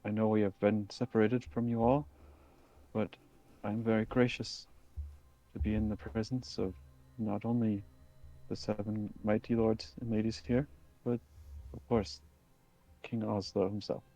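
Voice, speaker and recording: A man voicing a female envoy with formal, halting diplomatic words in a tabletop game. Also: lowish voice, little pitch movement, warm tone, distant mic, low-quality recording. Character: diplomatic young female envoy giving a toast.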